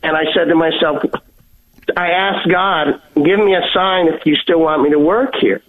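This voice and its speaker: Earnest man on a tinny phone line. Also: fairly high pitch. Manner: earnest, halting, repeats his words. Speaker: caller telling a personal faith story. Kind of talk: heartfelt storytelling. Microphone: telephone.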